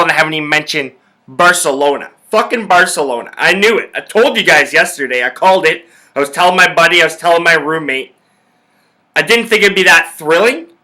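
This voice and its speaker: Young male sports-talk host, bright forceful tone, profane ranting delivery, slightly higher voice. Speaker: podcast host.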